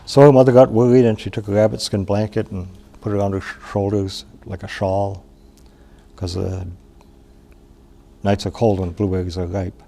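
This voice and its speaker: A man from Wisconsin tells a traditional story in a low, gravelly voice. His tone is mellow and plain-spoken. He talks unhurriedly, with pauses and restarts. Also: flat delivery.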